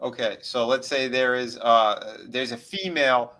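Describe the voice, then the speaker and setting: A man's voice: mid-range voice, a little slow, pushed and bright. A man in a casual panel chat, asking long, jokey questions.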